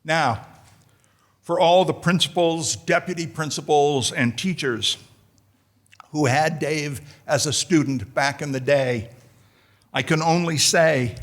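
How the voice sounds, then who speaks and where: A man's voice: a little high, slow. A middle-aged American man from New Jersey, introducing a colleague at a formal lecture with dry, self-deprecating humor. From United States, New Jersey. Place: lecture hall.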